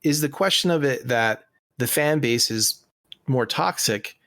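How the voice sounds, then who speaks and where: A man's voice: mid-range voice, animated, unhurried, fairly bright tone, no echo. A man co-hosting a podcast, teasing his friends and reasoning things through in casual chat. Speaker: podcast co-host.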